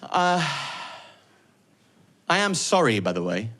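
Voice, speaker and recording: A man doing live stand-up on a stage mic, sardonic, swinging from loud mock-boastful ranting to quiet, reflective confession. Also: mid-range voice, big pitch swings, a little slow, heavy background noise. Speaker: stand-up comedian. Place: comedy venue stage with live audience.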